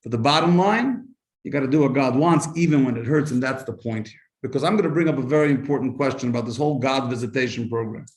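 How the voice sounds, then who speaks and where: A man, a rabbi, teaching a lively Torah class to a live group, telling stories, asking rhetorical questions and translating Hebrew quotes as he goes. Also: medium pitch, quick pace, roomy sound.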